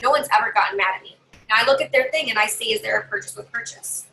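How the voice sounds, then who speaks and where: A woman giving chatty, animated tips as a direct sales consultant in a casual live video. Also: fast, vocal fry, a little hiss or hum, low-quality recording. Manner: chatty, animated, acts out customers in higher voices.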